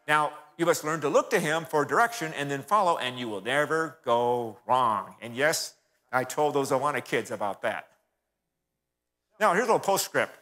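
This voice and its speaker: A man's voice: medium pitch, expressive, moderate pace, pushed and bright. A man giving a folksy, sermon-style history talk in a church, often turning to the audience and calling them folks. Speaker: guest speaker. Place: church hall. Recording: reverberant church hall.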